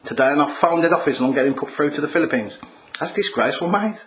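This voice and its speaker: A man's voice: fairly high pitch, expressive, fast, fairly bright tone. A man making an irate, repetitive phone complaint as a customer, calling the agent mate.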